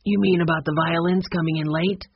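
A sensible teenage brother, calm and matter-of-fact, as a woman reader puts him on. The voice sits fairly low and slightly husky, and the recording is dull. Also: brisk, dry recording.

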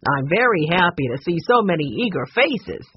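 A woman's voice: on the low side, big pitch swings, moderate pace, slight background noise. A woman voicing a cheerful adult male percussionist leading a workshop in a storybook reading. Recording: dull lo-fi recording.

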